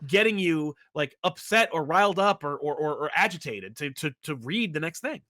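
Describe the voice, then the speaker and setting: A man co-hosting a casual podcast chat, talking in long animated runs with many restarts. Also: fairly high pitch, normal speed. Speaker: podcast co-host.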